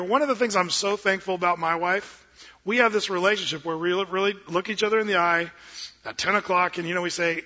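Bright high-voiced man preaching. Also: brisk, highs cut off. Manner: animated, joking, acts out quoted voices. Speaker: pastor. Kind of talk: sermon.

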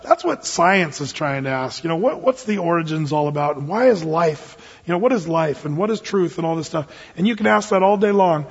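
A man's voice: fairly high pitch, husky. A man, a pastor, preaching a sermon in earnest, mixing scripture reading with reflective asides to his congregation. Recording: dull sound with long hall reverb.

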